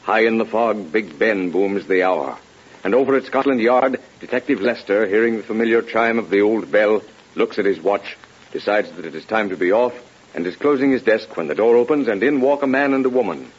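A man narrating a vintage radio drama in a measured, ominous storytelling manner. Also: on the low side, slightly rough. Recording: lo-fi old radio broadcast.

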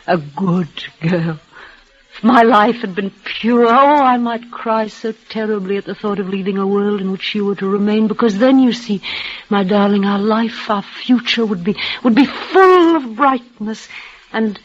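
Actress doing a frail, tremulous dying heroine, breathless and halting, tender to the end, dull vintage radio sound. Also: female voice, mid-range voice, close to an everyday voice. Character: dying young woman, tender and devoted. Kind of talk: vintage radio drama acting. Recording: dull old radio recording.

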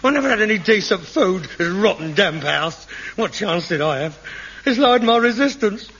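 An actor playing a melodramatic, hypochondriac grown son, pompous and whining in a 1960s sitcom. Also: male voice, high-pitched, lively intonation, normal speed, a bit bright, slightly rough, exaggerated voice. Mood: accusing. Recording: dull old television recording.

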